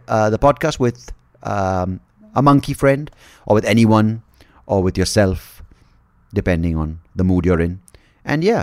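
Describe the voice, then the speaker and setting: Man with a gravelly, lively voice. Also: fairly low pitch, dry recording, studio quality. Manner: rambling, jokey and profane, spinning wild theories; slips into mock-dramatic storyteller narration. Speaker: podcast host. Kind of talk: solo podcast monologue.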